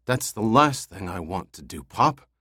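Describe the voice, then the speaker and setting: A firm, resolute young man bent on revenge, voiced by a male narrator. Low and slow, read dry and close. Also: very animated, bright, forceful tone, breathy edge, no room sound, full character voice. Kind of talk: audiobook character voice.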